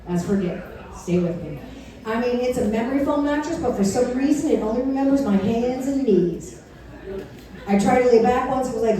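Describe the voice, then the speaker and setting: A woman's voice: a little high, normal speed, warm tone. A woman doing a stand-up comedy set on a club stage, bawdy and acting out both sides of her stories, laughing at her own jokes. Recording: very echoey club, recorded from far off.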